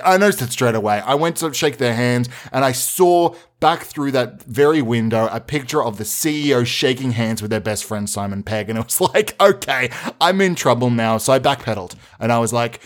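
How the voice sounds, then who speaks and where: A man's voice: medium pitch, lively intonation, brisk. A man hosting a podcast, telling a rambling, absurd comic anecdote with restarts and mock-serious asides. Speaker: podcast host. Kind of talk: improvised comic storytelling.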